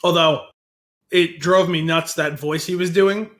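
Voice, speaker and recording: A man's voice: fairly high pitch, steady tone, a little slow, fairly bright tone. A man co-hosting a movie podcast, giving frank opinions and hedging with lots of "like"s. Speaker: podcast co-host. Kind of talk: casual movie podcast chat.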